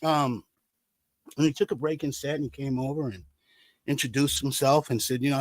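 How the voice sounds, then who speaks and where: A man on a podcast telling stories with lively acted-out quotes, dropping to a hush for sad moments. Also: medium pitch, moderate pace, pauses often, no room sound. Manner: animated storyteller acting out quotes, trails into hushed tones. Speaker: guest, artist manager and concert promoter. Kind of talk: casual storytelling chat.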